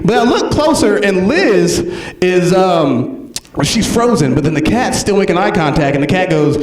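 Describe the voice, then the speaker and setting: A man performing a stand-up comedy set, telling animated stories and acting out the people in them. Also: high-pitched, fairly quick. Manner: animated storytelling, acts out characters. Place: comedy club stage. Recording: echoey club from far off.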